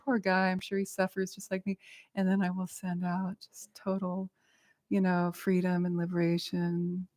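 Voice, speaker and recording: Woman dharma teacher, lowish voice, candid and quick to laugh, swears in her stories. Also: monotone, a little mellow. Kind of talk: dharma talk with personal stories.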